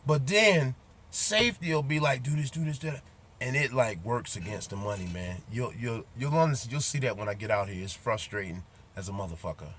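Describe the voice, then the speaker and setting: A man's voice: mid-range voice, lively intonation, brisk, fairly bright tone, slight background noise. Profane, blunt trucker man ranting. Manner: repeats points, addresses viewers directly. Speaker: truck driver. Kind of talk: casual vlog rant to viewers.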